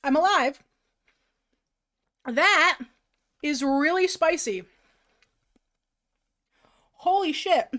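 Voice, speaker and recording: A woman's voice: sits high, lively intonation, very slow, pauses often, fairly bright tone. A woman streamer chatting casually on a livestream, self-mocking and swearing freely.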